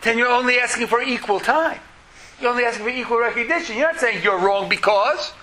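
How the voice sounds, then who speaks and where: A man teaching a lecture as a religious teacher, in an animated way that acts out quotes in lively voices. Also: extremely high pitch, quick pace, rough recording.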